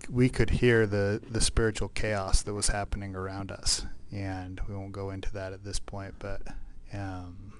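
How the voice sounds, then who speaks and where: Brief: male podcast co-host, lowish voice, thoughtful storyteller who pauses to think. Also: clean tone. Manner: reflective, thinks aloud with many um's. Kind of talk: casual faith podcast storytelling.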